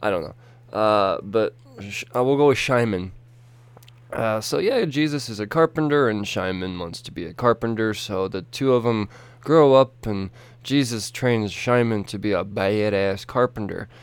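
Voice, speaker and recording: Rambling, profane young man, low smooth voice. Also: measured pace. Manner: rambling, profane, lots of fillers and restarts. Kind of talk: casual comedic story retelling.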